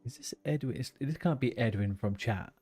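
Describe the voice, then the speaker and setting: A man talking casually at an average pitch while he plays a game on stream. He swears freely and mutters to himself between remarks. Faint music runs underneath. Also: normal speed, darkish tone, slightly rough. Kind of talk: casual gaming livestream chat.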